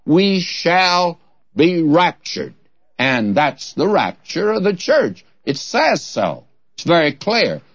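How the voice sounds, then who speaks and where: A man's voice: fairly high pitch, big pitch swings, takes it slowly. A man preaching a Bible-teaching sermon in a folksy, humorous storytelling manner. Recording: dull, dry lo-fi recording.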